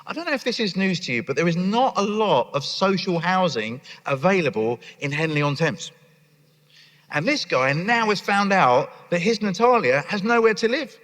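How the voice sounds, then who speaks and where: A man's voice: sits high, normal speed. A man giving a conference keynote on a stage, telling stories with animation and acting out voices. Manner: animated storyteller who acts out voices. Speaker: charity leader giving a conference talk. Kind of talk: keynote talk. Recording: echoey hall.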